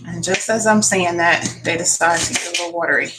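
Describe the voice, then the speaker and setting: A woman's voice: on the low side, steady tone, fast talker. Woman chatting thru her cooking vid, swears a lot, keeps saying y'all, kitchen noise and clicks behind her. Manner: chatty, swears freely, addresses viewers as y'all. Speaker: cooking channel host. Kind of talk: casual cooking vlog chat. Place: home kitchen.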